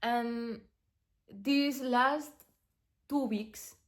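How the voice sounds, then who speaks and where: A young woman talks in a loose, rambling vlog voice, sitting slightly high in her range. She fills her sentences with little fillers and then slows into gentle, soothing self-affirmations. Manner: chatty, rambling with many fillers, drops to a soft calm tone for affirmations. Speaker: vlogger. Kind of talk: casual self-talk vlog.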